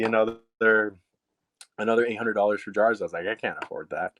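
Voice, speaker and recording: Low-voiced young man telling a story. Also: brisk. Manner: casual, animated retelling with quoted asides and fillers. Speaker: storyteller guest. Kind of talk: personal storytelling.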